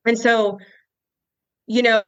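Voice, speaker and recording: A woman's voice: fairly high pitch, flat delivery, takes it slowly, clear, resonant tone, no echo, dull audio. A woman in her forties, a podcast guest and author, telling stories in an earnest, heartfelt way with frequent restarts. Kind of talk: casual interview chat.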